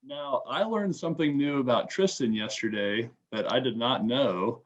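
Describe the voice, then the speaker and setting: A man's voice: mid-range voice, moderate pace, dull audio. A man moderating a casual panel chat. He sounds friendly and curious as he sets up questions and hands the floor to a guest.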